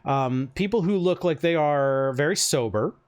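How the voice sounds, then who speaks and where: A man's voice: on the high side, lively intonation, normal speed. A man running a tabletop game as game master, describing scenes in rambling, filler-heavy speech.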